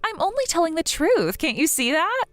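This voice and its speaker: Casting: a woman doing a haughty rich sister-in-law for a story drama, sneering and gloating, pitched up with lively swoops, dry close sound. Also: normal speed, dry recording, exaggerated voice.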